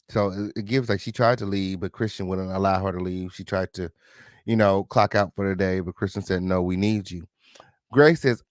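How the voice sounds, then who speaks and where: A man's voice: mid-range voice, expressive, no room sound. Host, man, sarcastic slangy commentary on court papers, mid-range voice, dry close sound. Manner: sarcastic, slangy, talks back to the text; drawn-out mocking quoted voices. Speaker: online show host. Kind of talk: commentary reading court documents to a live chat.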